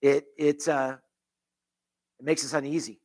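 A man's voice: medium pitch, little pitch movement, unhurried, darkish tone. A man pastor leading a closing prayer in church, earnest, with repeated phrases and restarts. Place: church sanctuary.

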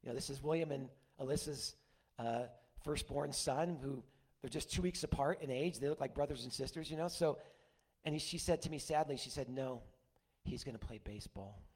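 Brief: older male pastor, a bit high-pitched, chatty sermon full of homey anecdotes and asides. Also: fairly quick, darkish tone, husky. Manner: folksy storytelling with asides. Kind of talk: conversational sermon.

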